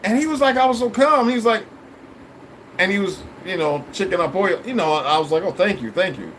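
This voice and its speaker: Male streamer, slightly high voice, blunt and profane, preachy rambling delivery. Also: a little fast, a bit bright, a little hiss or hum, rough recording. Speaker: livestream host talking to viewers. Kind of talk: rambling casual livestream chat.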